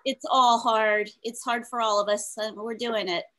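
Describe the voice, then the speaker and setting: A woman's voice: fairly high pitch, fairly even intonation, normal speed, crowd noise. A woman teacher moderating a panel on a video call, upbeat and chatty.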